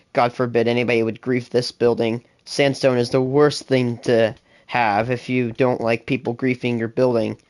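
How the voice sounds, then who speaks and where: A seventeen-year-old livestreamer talking fast and rambling to themselves during casual gameplay chatter. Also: mid-range voice, little pitch movement, darkish tone. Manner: fast, rambling self-talk with laughs. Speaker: gaming livestreamer.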